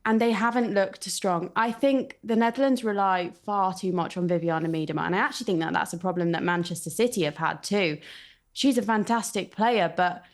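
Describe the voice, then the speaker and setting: A woman's voice: mid-range voice, brisk. Earnest woman analysing football. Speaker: football pundit. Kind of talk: casual football chat.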